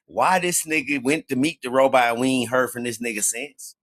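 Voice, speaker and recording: Brief: joking, profane male storyteller with an everyday mid-pitched voice. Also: brisk, fairly bright tone. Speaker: livestream participant. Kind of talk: casual live chat.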